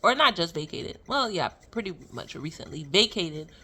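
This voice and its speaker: A young adult woman telling a personal story in a casual, animated way, full of fillers and laughing as she goes. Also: lowish voice, moderate pace. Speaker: vlogger sharing a testimony.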